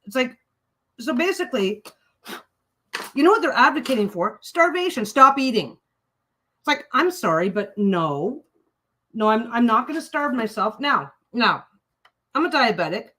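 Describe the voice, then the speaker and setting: Bright-voiced woman ranting bluntly. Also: a little high, sing-song, normal speed, pauses often, low-quality recording. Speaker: livestream host. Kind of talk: casual chat while sewing.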